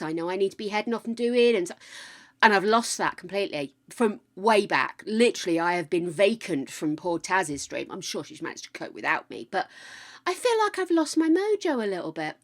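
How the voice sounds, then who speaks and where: An older woman hosting a live stream, chatting casually with viewers in a gushing, easily overexcited way. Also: medium pitch. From United Kingdom. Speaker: livestream host.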